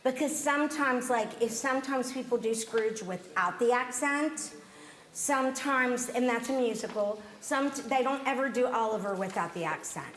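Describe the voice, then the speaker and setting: A woman's voice: fairly high pitch, normal speed, a bit bright. Woman giving audition advice. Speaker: drama teacher. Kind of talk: theatre workshop instruction. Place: echoey rehearsal room with a group. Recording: roomy echo, faint hiss.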